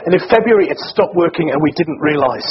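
A high-voiced man preaching to a church gathering, chatty and joking as he tosses questions to the room. The recording is muffled and lo-fi, with a faint hiss underneath. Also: animated, fast talker. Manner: conversational and joking, quizzing the congregation. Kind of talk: sermon.

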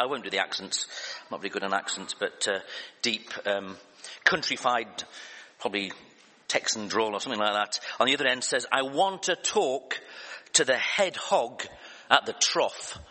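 A man's voice: on the low side, pushed and bright. A man preaching a sermon, hesitant and self-deprecating, with many fillers and restarts. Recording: reverberant church hall.

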